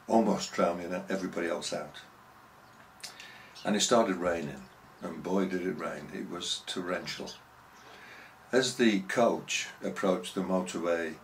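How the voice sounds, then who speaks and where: Deep-voiced preacher. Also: male voice, a bit bright, slight background noise, rough recording. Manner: earnest storytelling with rhetorical questions. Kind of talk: sermon.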